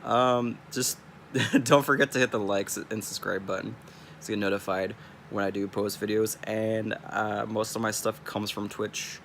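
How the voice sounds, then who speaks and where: A man's voice: on the low side, level tone, unhurried, vocal fry, a bit bright, slight background noise. A young man from California with a Californian accent, rambling in a laid-back, casual vlog monologue. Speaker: streamer.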